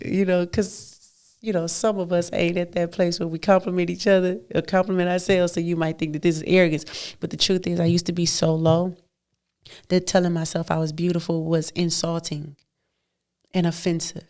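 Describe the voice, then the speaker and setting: A woman's voice: on the low side, flat delivery, normal speed, a little mellow. A woman, hosting a heartfelt solo podcast, emphatic and repetitive, laughing often. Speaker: podcast host.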